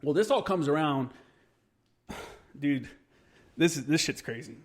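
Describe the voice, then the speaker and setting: A man's voice: a little high, unhurried. A man in his thirties, a military veteran, telling a war story in casual podcast chat, swearing freely and acting out the quotes. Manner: profane, animated storyteller who acts out quotes.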